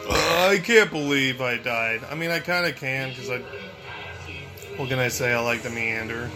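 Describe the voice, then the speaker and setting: A man giving profane, excitable let's play commentary, muttering to himself and yelling when he panics. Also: mid-range voice, moderate pace, over music. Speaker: gameplay streamer.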